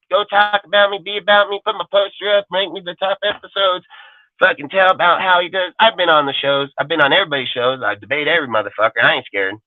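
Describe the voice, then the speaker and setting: A man hosting a sports talk show delivers a defiant, profanity-laced rant. His voice sits a little high and close, with no room sound. It comes through a thin, phone-like line. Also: no room sound. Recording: tinny phone-like dry line.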